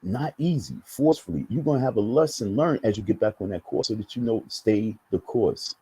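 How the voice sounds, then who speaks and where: A man's voice: mid-range voice, big pitch swings, fast talker, dark tone, breathy edge, low-quality recording. A man talking to his online viewers in a blunt, emphatic, profane monologue with a preachy tone. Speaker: online commentator.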